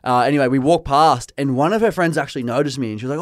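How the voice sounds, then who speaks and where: A man's voice: mid-range voice, rapid-fire, dry recording, studio quality. A young Australian man co-hosting a podcast, telling stories in a loose, laughing, swearing way. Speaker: podcast co-host. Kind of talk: casual chat.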